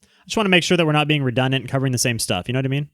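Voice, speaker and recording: A man hosting a live stream, chatting casually and rambling through quick asides to his viewers. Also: mid-range voice, fairly bright tone, no echo, studio quality. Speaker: livestream host. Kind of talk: casual livestream chat.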